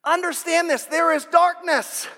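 Man, pastor's sermon, very high voice, emphatic, repeats himself, long hall reverb. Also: steady tone, unhurried. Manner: emphatic and repetitive, swings between loud and hushed.

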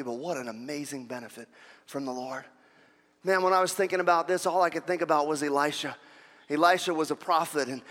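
High, bright-voiced preaching man in a hall. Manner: swings from loud preaching to hushed, intimate asides. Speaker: pastor. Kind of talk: sermon.

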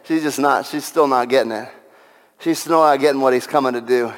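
A man's voice: medium pitch, brisk, long reverb tail. A male pastor preaching an Easter sermon with passion, repeating key lines for emphasis.

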